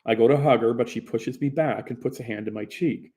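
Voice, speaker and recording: A man's voice: mid-range voice, fairly quick, warm tone. A young man narrating a first-person audiobook in a plain, conversational storytelling manner.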